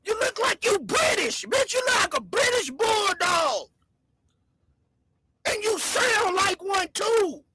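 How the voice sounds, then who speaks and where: Woman host, very high and bright voice, loud mocking livestream roast. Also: expressive, takes it slowly, a little hiss or hum. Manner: loud, mocking, shouting insults. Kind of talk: insulting livestream rant.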